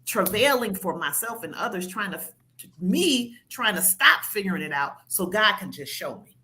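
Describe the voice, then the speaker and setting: A woman speaking on a church panel, emphatic and preacherly. Her pitch swoops widely as she drives each point home, animated and lively. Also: moderate pace.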